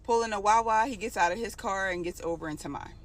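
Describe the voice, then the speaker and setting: A woman's voice: mid-range voice, quick pace. A young adult woman telling a personal story in a casual, emotional, conversational way.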